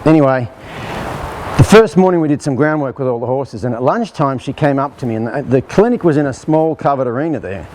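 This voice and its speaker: A man's voice: mid-range voice, fairly quick, darkish tone, slight background noise, low-quality recording. A man, a horse trainer telling a story in a folksy, conversational way while demonstrating outdoors. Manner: folksy, conversational, checks in with listeners.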